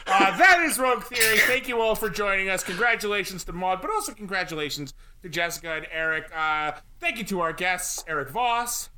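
A man's voice: high-pitched, fairly quick, few pauses, pushed and bright, slight background noise. A man hosting a comedic game show podcast over a video call, playful and theatrical. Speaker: podcast host.

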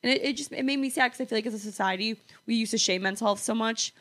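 A woman's voice: on the high side, fast, fairly bright tone. A young woman co-hosting a podcast, talking earnestly and reflectively, often correcting herself mid-sentence. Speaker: podcast co-host. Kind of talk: casual chat. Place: apartment.

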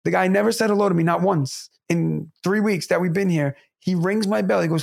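A man who co-hosts a podcast, telling stories in a fairly high, gravelly voice. He talks in a casual, animated way, mimicking other people and dropping the odd curse. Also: fairly quick, hardly any pauses. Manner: animated, acts out neighbors' voices, swears casually. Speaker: podcast co-host. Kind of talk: casual storytelling chat.

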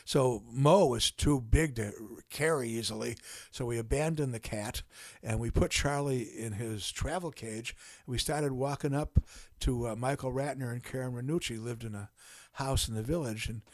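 Older guy telling a story slow with lots of uhs, dead dry sound, no room at all. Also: mid-range voice, no echo. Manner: unhurried, many "uh" pauses, dry humor. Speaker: guest. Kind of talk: casual storytelling in a podcast conversation.

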